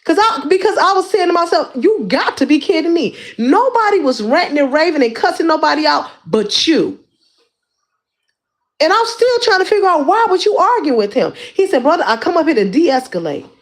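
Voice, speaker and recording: A woman's voice: extremely high pitch, very animated, moderate pace. A woman hosting a livestream, calling out someone in a heated rant with lots of repeated words and restarts. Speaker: livestream host.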